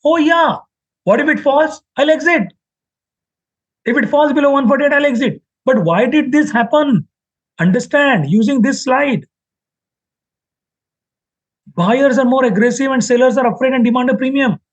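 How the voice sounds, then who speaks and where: A man with an Indian English accent teaching trading in a live online class, acting out buyers and sellers in quick quoted lines. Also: very high-pitched. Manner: animated, acts out buyers and sellers in quoted voices. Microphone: webcam mic on a video call.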